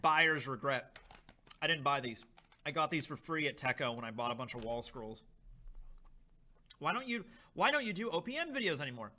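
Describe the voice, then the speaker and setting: A young man hosts a casual livestream, reading viewer messages aloud as he rambles on. His voice sits fairly high and bright, with lively swings in pitch. He talks in an easygoing, animated way. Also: moderate pace, pauses often. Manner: reads chat aloud, tastes snacks, animated and rambling. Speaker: livestream host.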